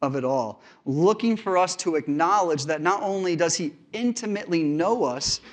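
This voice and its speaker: A male pastor preaching in a slightly high-pitched voice. He speaks conversationally and earnestly, weaving stories from home life into his sermon. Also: animated, normal speed. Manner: conversational storytelling from family life.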